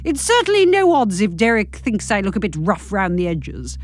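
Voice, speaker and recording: A woman's voice: medium pitch, very animated, normal speed. A woman narrating a comic story in a wry, self-deprecating, theatrical way. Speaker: host and narrator. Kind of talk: comic first-person narration.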